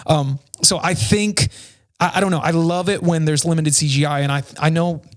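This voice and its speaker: A man's voice: on the high side, steady tone, moderate pace. A man in his thirties co-hosting a podcast, talking casually in a rambling, self-questioning way. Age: 30s. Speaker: podcast co-host. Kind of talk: casual chat. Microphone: headset earphones.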